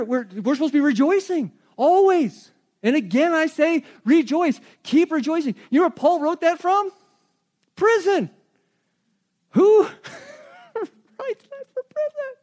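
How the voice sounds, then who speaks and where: High-voiced man preaching a sermon. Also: darkish tone. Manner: conversational, joking preaching. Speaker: pastor.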